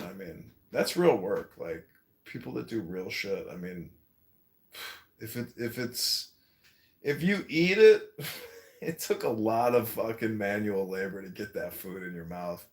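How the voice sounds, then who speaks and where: A man chatting casually on a podcast, crude and animated, prone to laughing. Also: on the low side, unhurried.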